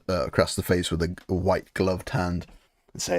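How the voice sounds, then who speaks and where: A young British man talks casually on a hobby live stream, rambling from one point to the next and swearing freely. His voice sits on the low side. The sound is close and dry, with no room behind it. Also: little pitch movement, moderate pace, no echo. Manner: rambling, swearing, mock-grumbling, chatty. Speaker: live stream host painting miniatures.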